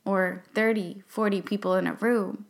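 A young adult woman hosting a podcast, talking in an earnest, halting and emotional way, sometimes dropping to a whisper for emphasis. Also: mid-range voice, steady tone. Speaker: podcast host and class facilitator. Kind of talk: reflective podcast monologue.

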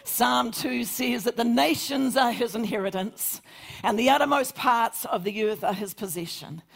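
A woman's voice: a little high, normal speed, gravelly, husky. A woman pastor preaching a fervent Sunday sermon, rising to emphatic peaks. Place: church service.

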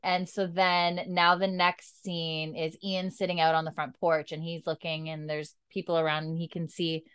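Chatty woman recapping, lowish voice. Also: little pitch movement, moderate pace, few pauses, fairly bright tone, clean tone, no echo. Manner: chatty, filler-heavy storytelling. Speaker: podcast host. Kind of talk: casual episode recap.

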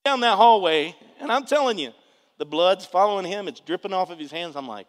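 Animated preacher man, reverby hall. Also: high-pitched, a little fast. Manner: animated storytelling, bursts of shouting. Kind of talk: testimony sermon.

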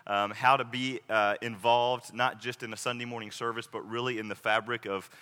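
A man's voice: mid-range voice, little pitch movement, fairly quick, pushed and bright. A man preaching as a pastor, earnest and emphatic, repeating his key phrases. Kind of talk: sermon with announcements and prayer. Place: church sanctuary. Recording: long hall reverb.

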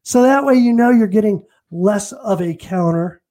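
Man, 50s, high pitch, energetic, real estate agent, storytelling interview guest. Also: moderate pace. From Los Angeles. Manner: energetic, acts out phone calls and quotes.

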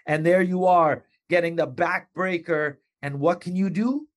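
A man hosting a motivational podcast, animated and playful, acting out quoted voices with sudden jumps in pitch. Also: measured pace. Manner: animated, playful, with wrestling and pop-culture asides. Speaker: podcast host.

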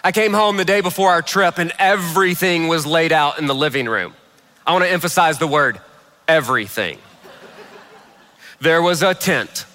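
A man preaching a sermon, telling a funny family story with lively comic timing. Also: a little high, fairly quick, big-room sound. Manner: humorous, animated storyteller. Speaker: pastor.

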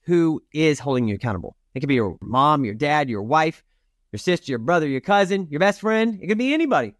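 A man's voice: fairly high pitch, expressive, fairly quick, dry recording, studio quality. Emphatic middle-aged man giving motivational talk. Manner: direct and emphatic, addressing listeners as you. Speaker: podcast host and rodeo competitor.

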